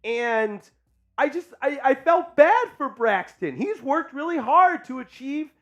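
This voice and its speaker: A man hosting a casual live sports chat stream, hyped and joking as he shouts out viewers. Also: extremely high pitch, lively intonation, a little slow. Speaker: sports show host.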